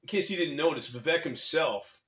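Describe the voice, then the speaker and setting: A man's voice: on the high side, lively intonation, fairly quick, sharp tone. A man co-hosting a casual political chat, hesitant with fillers and joking asides. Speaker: podcast co-host. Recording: echoey room.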